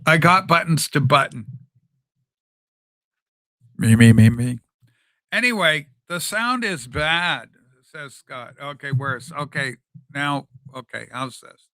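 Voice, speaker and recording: Male livestream host, high bright voice, rambling and animated, dry desk mic. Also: slow pace, long pauses, no room sound. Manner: rambling and animated, with many fillers. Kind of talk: casual livestream chat. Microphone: desk microphone.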